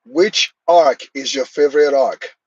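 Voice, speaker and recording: A man's voice: mid-range voice, measured pace, breathy edge, dry recording, lo-fi sound. A man hosting a live stream, chatting casually and answering viewers' comments by name.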